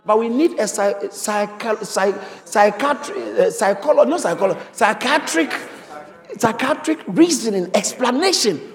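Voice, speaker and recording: High-voiced man preaching in an echoing hall. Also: expressive, measured pace. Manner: emphatic, repeats phrases for stress. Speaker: pastor. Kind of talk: sermon. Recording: reverberant hall.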